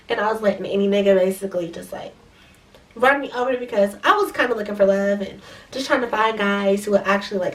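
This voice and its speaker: A young woman telling a story in a fast, profane, animated way, with a stuffy nose. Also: fairly high pitch, distant mic. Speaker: vlogger. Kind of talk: casual storytime.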